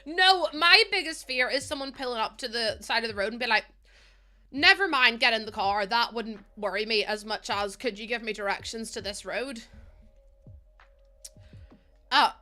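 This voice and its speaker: A woman's voice: on the high side, moderate pace, bright, forceful tone. A woman in her twenties with an Irish accent, chatting casually and rambling, often laughing, while streaming a game. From Ireland. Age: 20s. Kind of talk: casual chat while gaming. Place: at home.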